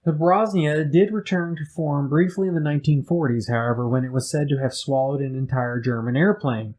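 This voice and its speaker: A man's voice: fairly high pitch, fairly even intonation, a little fast, a little mellow, low-quality recording. A man co-hosting a casual podcast, reading out legends and cutting in with wisecracks. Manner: jokey, interrupts with wisecracks. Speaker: podcast co-host. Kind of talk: casual chat, reading news.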